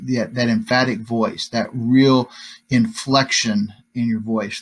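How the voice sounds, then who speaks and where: A man teaching a recorded lesson to high school students, talking conversationally with lots of fillers and tag questions. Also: slightly rough. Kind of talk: recorded classroom lecture.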